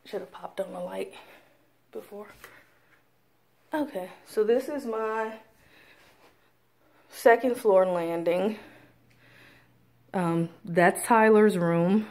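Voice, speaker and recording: A woman's voice: mid-range voice, takes it slowly, long pauses, darkish tone. A woman vlogger casually showing rooms of a house as she walks through, rambling with frequent fillers, speaking into a handheld camera. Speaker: vlogger giving a house tour. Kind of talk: casual house tour narration. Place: inside a house, walking room to room.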